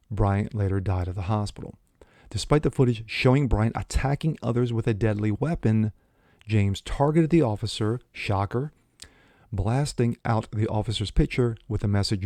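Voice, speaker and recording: A man with a low, dark voice reads news stories aloud and cuts in with scornful, sarcastic remarks. The recording is dry and close, with no room sound. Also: no room sound. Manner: sarcastic, mocking asides between quoted passages. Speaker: commentary channel host. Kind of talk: opinion commentary reading news aloud.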